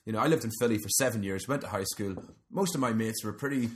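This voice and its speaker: A man's voice: fairly low pitch, fast. A man in casual podcast banter, swearing and joking. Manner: swearing, jokey, does loud mocking voices.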